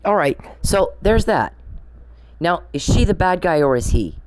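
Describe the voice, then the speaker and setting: A woman's voice: fairly low pitch, very animated, a little slow, a little hiss or hum, poor audio. Woman ranting confrontationally. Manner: confrontational, repetitive, swearing. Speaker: podcaster. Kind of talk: angry monologue addressed to one person.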